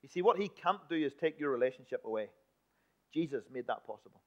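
A man preaching a sermon in a church, emphatic one moment and hushed the next. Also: mid-range voice, expressive, a little fast. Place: church building. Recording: dull lo-fi recording.

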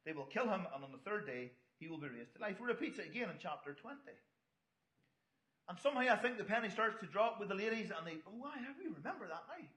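Speaking quickly and expressively, a middle-aged man gives a sermon whose conversational flow is dotted with stories told as asides to the congregation. His voice sits high and has a fairly bright tone, and the hall echoes around him.

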